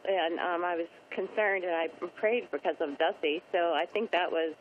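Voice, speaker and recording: A woman calling in to a radio show, answering in short, hesitant, halting phrases. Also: on the low side, a little hiss or hum. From Pittsburgh area, US. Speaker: caller. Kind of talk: phone call-in conversation. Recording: dull muffled phone-in line.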